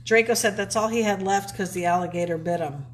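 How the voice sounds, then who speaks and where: A woman's voice: medium pitch, fairly quick, a little hiss or hum. A woman co-hosting a live stream, chatting casually and reading viewer comments aloud. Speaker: co-host reading live chat.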